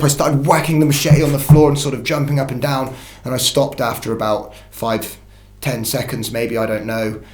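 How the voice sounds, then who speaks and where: A man's voice: medium pitch, echoey room. A man telling a first-person story in a casual, rambling way, full of restarts and swearing. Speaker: channel host telling an encounter story.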